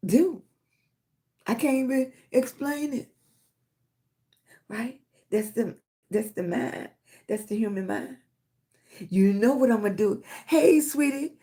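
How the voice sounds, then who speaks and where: Her voice is fairly high with a darkish tone: a middle-aged woman from Virginia, USA, running a livestream. She greets viewers by name with affection, calling them baby and sweetie, and encourages them while repeatedly asking "right?"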